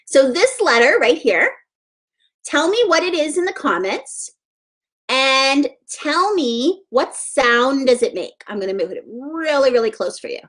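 A woman's voice: high voice, expressive, a little slow, fairly bright tone. A woman teaching a live online letters-and-sounds lesson to young children, encouraging and sing-song as she praises each child by name.

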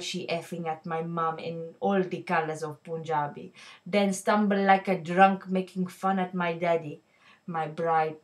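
A woman's voice: lowish voice, close to an everyday voice. A woman voicing a lovestruck young male shopkeeper in a put-on Indian English accent, reciting a dramatic poem in a rhythmic, singsong way. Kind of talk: dramatic poetry reading.

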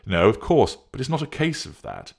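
A man's voice: medium pitch, huge pitch swings, vocal fry, a little mellow, voice pushed up, heavily acted. A man playing a patient, reluctant man. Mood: firm refusal. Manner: measured, refusing, reasoning.

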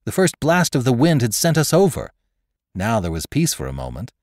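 A man narrating an adventure story aloud in a dramatic, expressive first-person telling. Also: medium pitch, normal speed, no echo, clean studio sound. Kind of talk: scripted audiobook narration.

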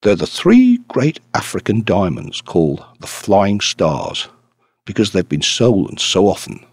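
A man's voice: low voice, wildly swooping pitch, a little slow, vocal fry, darkish tone, husky, heavily acted. A man voicing a cheerful, self-satisfied old financier in an audiobook reading, genial and condescending.

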